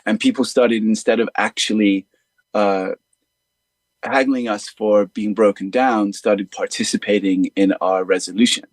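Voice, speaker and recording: A man's voice: fairly low pitch, steady tone, measured pace, dry recording. A man, a musician guest, telling stories in an earnest, rambling way with many fillers. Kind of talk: reflective storytelling in conversation.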